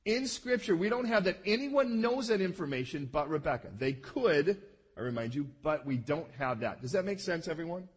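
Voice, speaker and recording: A man's voice: a little high, lively intonation, moderate pace, breathy edge. A man preaching a sermon in a conversational way, often checking that his listeners follow and acting out the lines of the people he talks about. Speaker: pastor.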